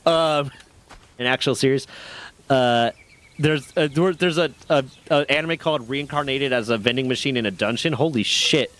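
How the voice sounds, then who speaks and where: Male streamer, thirty, middle-pitched, loose and profane on camera. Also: moderate pace, fairly bright tone. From US, Pennsylvania. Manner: profane, ranting, rambling. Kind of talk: casual chat.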